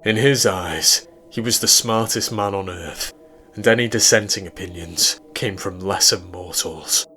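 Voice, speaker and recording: A British man narrating a sci-fi horror story in a measured, steady way. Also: deep voice, a little hiss or hum.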